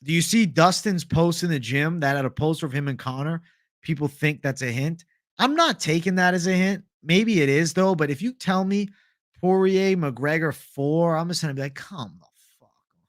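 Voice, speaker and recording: A young man hosts a casual livestream, swearing freely as he reads viewer comments aloud and answers them. His voice is a little high and he talks at normal speed. The recording is dry, with clean studio sound.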